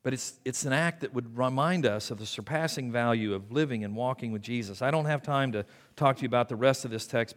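An older man delivers a sermon at a mid pitch, chatty and personal rather than formal. He slips into hushed asides now and then. His voice rings out with a long church-hall reverb. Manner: conversational preaching, dropping to quiet asides. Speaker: preacher. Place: church sanctuary.

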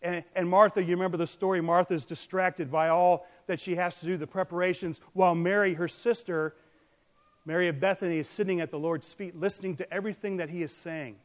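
A man preaching a sermon, earnest, swinging from loud emphatic peaks down to soft, quiet remarks. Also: high voice, steady tone, a little fast, big-room sound. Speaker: pastor.

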